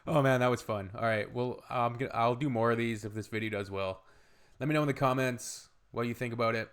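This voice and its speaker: A man's voice: medium pitch, fairly even intonation, brisk, a bit bright, clean tone. A man from Canada hosting a casual reaction video, making offhand and self-deprecating comments between clips.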